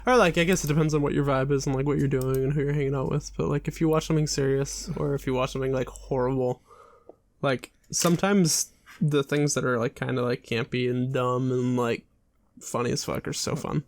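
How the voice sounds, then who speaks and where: A man's voice: mid-range voice, steady tone, a little fast, no echo. A young man co-hosting a podcast, talking in an easygoing, amused way, full of "like" fillers. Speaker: podcast co-host. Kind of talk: casual chat.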